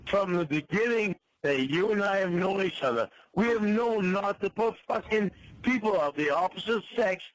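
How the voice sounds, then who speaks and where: Drunk guy on the phone, slurry, keeps stammering and accusing, kinda high voice. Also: expressive, moderate pace, hardly any pauses, no echo, poor audio. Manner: accusing, stammering, repeats himself. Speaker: prank call target. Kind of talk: angry phone argument. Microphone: phone call.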